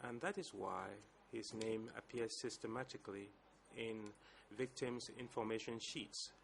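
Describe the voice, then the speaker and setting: A male lawyer, addressing a courtroom slowly and formally with some hesitations. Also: lowish voice, creaky, slight background noise. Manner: deliberate, measured speech with hesitations. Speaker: lead co-lawyer for civil parties.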